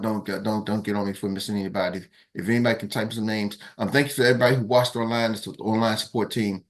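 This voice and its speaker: A man speaks, a coach hosting his team's morning call. He tells his stories with energy, and his voice jumps higher whenever he acts out what someone said. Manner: animated storyteller, acts out quotes in raised voices. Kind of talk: casual storytelling to a team.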